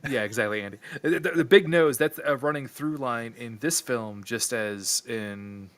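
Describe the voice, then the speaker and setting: A man chatting on a podcast about films, halting at times and laughing often. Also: mid-range voice, a bit bright. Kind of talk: casual film discussion.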